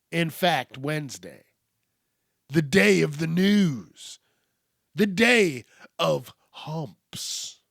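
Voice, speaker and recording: A man's voice: a little high, no echo, clean studio sound. A male podcast host riffing casually on news stories, joking and swearing freely. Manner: profane, joking, rhyming asides.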